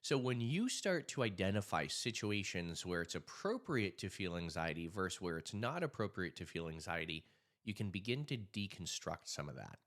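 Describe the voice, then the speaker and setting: A man with a low voice talks casually to camera, telling a story and then giving advice. His pitch swings widely as he acts out the people in his story. He sounds like a hypnotist and anxiety coach speaking to his viewers. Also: sing-song, normal speed, a bit bright.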